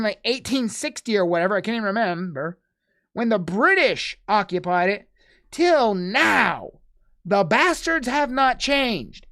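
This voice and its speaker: An American streamer ranting angrily into a desk microphone while reacting to a video, cursing freely and swinging between loud outbursts and low mutters. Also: female voice. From United States. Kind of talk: angry casual rant.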